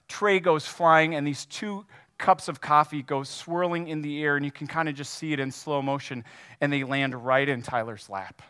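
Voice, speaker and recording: A man preaching a sermon, retelling a parable in a lively, animated way. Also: a little high, clear, resonant tone. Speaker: pastor. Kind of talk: sermon storytelling.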